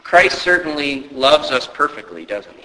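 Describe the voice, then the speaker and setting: A man preaching a sermon, often asking rhetorical questions and rising sharply in pitch for emphasis. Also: big pitch swings, a little slow, pushed and bright, big-room sound, low-quality recording. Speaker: pastor.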